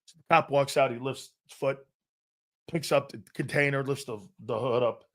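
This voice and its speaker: Speaking at a normal speed in a mid-range voice, this middle-aged man hosts a sports talk show. He spins a lively, foul-mouthed tale and loudly performs the voices of the people involved.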